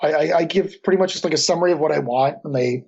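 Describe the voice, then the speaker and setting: A man with a fairly high voice answers interview questions casually, stopping and restarting often with lots of fillers. His audio comes through dull and lo-fi. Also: gravelly, a little mellow. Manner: halting, many restarts and fillers. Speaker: guest comic creator.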